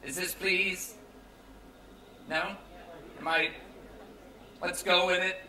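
A man's voice: sits high, flat delivery, slow, echoey room, recorded from a distance, a loud crowd, poor audio. A young American man preaching a youth sermon in a casual, joking, conversational way. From United States. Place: large tent at a campground.

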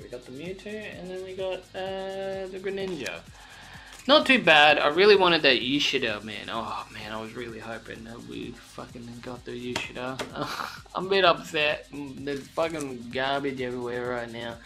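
A woman vlogger with a low, deep-set speaking voice and a bright, forceful edge. She chats casually while opening card packs, cursing freely and jumping into sudden squeals when a good card turns up. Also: normal speed, soft background music. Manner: excitable, swears freely, sudden high squeals. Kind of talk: casual unboxing chat.

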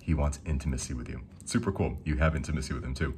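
A young man giving a casual, rambling devotional talk, reading verses slowly and enthusing between them. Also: a bass voice, warm tone. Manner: reads scripture slowly. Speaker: Christian speaker.

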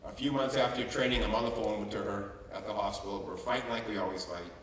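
A man giving a humorous storytelling talk as a youth care trainer, animated and jokey. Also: on the low side, quick pace. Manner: animated, jokey, breaks into singing. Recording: echoey hall, mic from far off.

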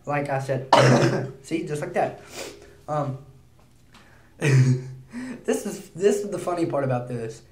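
A man's voice: fairly high pitch, expressive, warm tone. Nervous, rambling young man in an echoey room. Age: teens. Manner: nervous, rambling, quick bursts of speech. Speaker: YouTuber. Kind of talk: casual rambling vlog.

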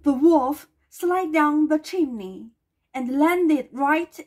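A woman reading a children's storybook aloud in a gentle way, with small slips and restarts. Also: high-pitched, takes it slowly.

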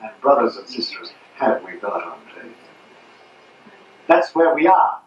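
A man's voice: medium pitch, big pitch swings, a little slow. An older man lectures an audience with emphatic, repeated phrases and pointed rhetorical questions. He stands far from the microphone in a roomy hall, and the old recording sounds muffled with a faint background hiss. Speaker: speaker at a public talk. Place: hall at a 1992 public talk.

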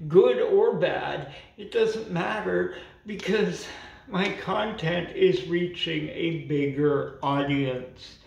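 Slow and fairly high-pitched, with vocal fry and a slightly mellow tone, this toothless Canadian man speaks a little unclearly. He delivers a defiant casual vlog rant to camera, full of "you know" and "right", recorded far from the mic in an echoey room.

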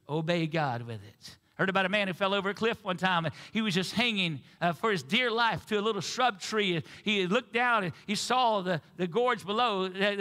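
A man's voice: high voice, bright, forceful tone. A male pastor preaching a sermon and getting the congregation to repeat phrases back. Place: church sanctuary. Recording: reverberant church sanctuary.

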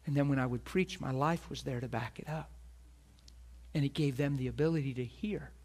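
Middle-aged guy preaching, earnest storyteller, acts out quotes, average pitch voice. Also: a little fast, a little mellow. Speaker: pastor. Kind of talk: sermon storytelling.

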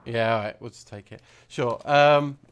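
A man's voice: medium pitch, moderate pace, lo-fi sound, slight background noise. A man chatting casually while playing a video game, rambling through a funny story and laughing easily. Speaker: let's play host. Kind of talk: casual gameplay chat.

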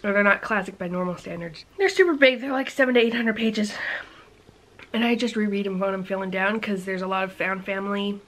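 A woman vlogging to camera in a casual chat, talking quickly and energetically, teasing with rhetorical questions and sometimes dropping into soft, near-whispered asides. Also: mid-range voice, poor audio. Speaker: book vlogger.

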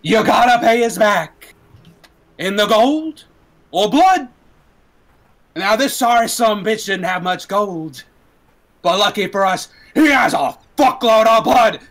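A man voicing a cold, swaggering gang enforcer who delivers slow, drawling threats in a tabletop game. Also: high voice, sing-song, gravelly, pushed and bright, voice pushed up, full character voice. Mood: menacing.

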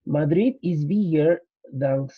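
A man lectures on English grammar with slides, repeating each point and explaining in Spanish at times. He speaks slowly in a highish, slightly rough voice, recorded dry, dull and lo-fi.

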